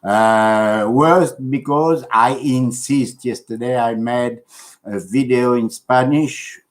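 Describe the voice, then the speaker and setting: A man with a non-native English accent giving an earnest, preachy, rambling monologue to his video audience, halting and full of fillers. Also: mid-range voice. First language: not English. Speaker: religious video blogger.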